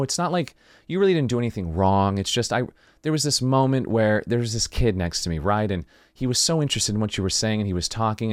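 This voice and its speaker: A man's voice: medium pitch, no room sound, clean studio sound, close to an everyday voice. Man voicing a sighing, hurt partner. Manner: sighing, hesitant.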